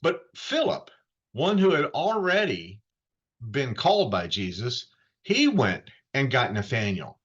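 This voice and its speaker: A male pastor from Florida giving a conversational sermon, telling the story in a lively way and acting out the quoted voices. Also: medium pitch, measured pace, slightly rough, muffled recording.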